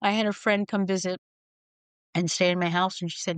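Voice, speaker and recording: A woman's voice: lowish voice, steady tone, fairly quick, clear, resonant tone, no room sound. A middle-aged woman speaking frankly as a podcast guest, telling wry stories and acting out the people in them. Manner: frank, wry, acts out quoted voices. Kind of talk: candid storytelling conversation.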